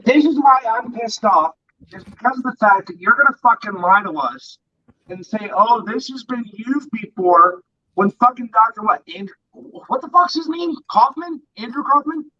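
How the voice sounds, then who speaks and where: A man's voice: very high-pitched, expressive, normal speed, bright, forceful tone, breathy edge. A man ranting angrily and profanely as co-host of an online talk show, speaking from his bedroom. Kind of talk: angry political rant. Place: bedroom at home. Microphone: distant from mic. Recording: dull lo-fi audio.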